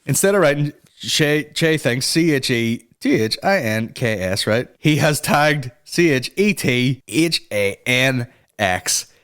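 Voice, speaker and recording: A man's voice: medium pitch, slow pace, clean tone. A man hosting a solo comedy podcast, swearing freely and breaking into mimicked voices. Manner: profane, excitable, mimics voices mid-story. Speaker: podcast host.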